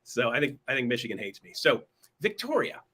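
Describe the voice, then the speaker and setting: A man's voice: medium pitch, big pitch swings, a little fast, pushed and bright. A man hosting a weekly online show, chatting in an upbeat, casual way with fillers and restarts. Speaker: host. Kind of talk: casual livestream talk show.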